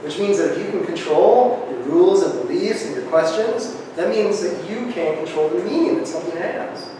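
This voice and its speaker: A man giving a lively workshop talk to a live group, often checking in with "right?", recorded on a distant camera. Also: high voice, normal speed, background noise. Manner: energetic, keeps asking "right?". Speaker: presenter. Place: large echoey room. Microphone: camera far from speaker. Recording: echoey hall, distant camera.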